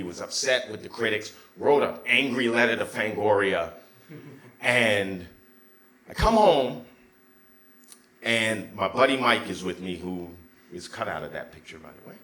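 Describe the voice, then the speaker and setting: A man telling a personal story on stage at a live storytelling show, animated and excitable, with loud bursts and hushed asides. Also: lowish voice. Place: small theater before a live audience. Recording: roomy live theater sound.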